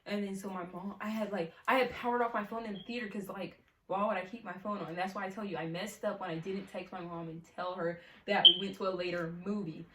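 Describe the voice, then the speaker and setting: A woman's voice: mid-range voice, fairly even intonation, fast talker, hardly any pauses, recorded from a distance. A teenage girl telling a casual storytime, chatty and full of fillers. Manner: chatty, many fillers, laughs often. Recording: echoey room, mic set back, faint hiss.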